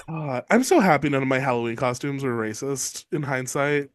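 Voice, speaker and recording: A man co-hosting a podcast, giving a casual comedic recap of book chapters, swearing and mocking the characters with quick impressions. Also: medium pitch, expressive. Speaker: podcast co-host.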